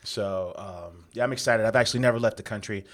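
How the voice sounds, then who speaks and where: A man's voice: lowish voice, fast talker, fairly bright tone. A man co-hosting a beer podcast, talking casually with lots of fillers and easy enthusiasm. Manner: chatty, filler-heavy, enthusiastic. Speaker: podcast co-host. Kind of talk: casual chat.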